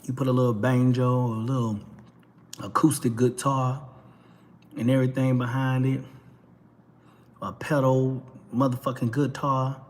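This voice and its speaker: A man's voice: medium pitch, level tone, unhurried, pauses often, slight background noise. A man with a Texas twang hosting a talk show, giving a blunt, emphatic and profane ranting monologue that keeps hammering the same points. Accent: Texan twang.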